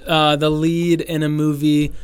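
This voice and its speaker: A man's voice: a little high, completely flat delivery, unhurried, clean tone. A young man chatting as a podcast guest, telling stories in an easygoing way. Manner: easygoing storyteller. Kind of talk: casual chat.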